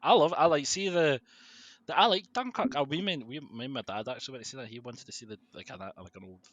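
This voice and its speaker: A young man, co-hosting a podcast in halting casual chat with many restarts. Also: medium pitch, no room sound. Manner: halting, restarts words, laughs easily. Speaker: podcast co-host.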